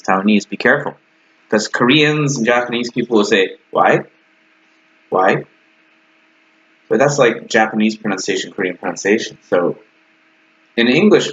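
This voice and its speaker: Male English teacher, lively, plays both speakers in example chats, lower register, somewhat muffled recording. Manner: animated, acts out both sides of sample dialogues. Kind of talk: casual teaching to camera. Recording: slightly dull lo-fi sound.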